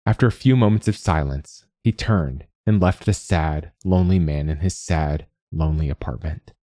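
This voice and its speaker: A man reading a story aloud in scripted narration with a measured, even delivery. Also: a bass voice, dry recording, clean studio sound.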